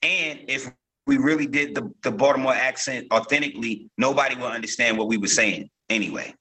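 A man's voice: mid-range voice, brisk, sharp tone, slightly rough, poor audio. A man from Newark, a guest actor, telling stories in a casual interview, loose and rambling with many fillers and restarts. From Newark, New Jersey.

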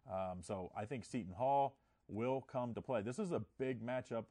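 A man's voice: mid-range voice, moderate pace, warm tone. A man giving sports betting picks in casual chat, often restarting his words.

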